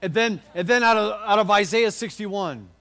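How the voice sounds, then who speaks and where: A man's voice: high voice, normal speed, fairly bright tone. A male pastor preaching a sermon in a folksy, encouraging way, joking with the congregation and leading them in song.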